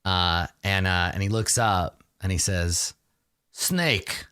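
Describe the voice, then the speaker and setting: A man's voice: deep voice, steady tone, a little slow, sharp tone, smooth. A man narrating a tabletop game as game master, describing scenes in a casual, rambling way with many fillers.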